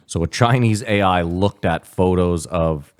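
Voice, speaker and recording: A man co-hosting a podcast in casual comedic chat, animated and quick to slip into voices. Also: low voice. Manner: animated, slips into put-on voices and laughs often.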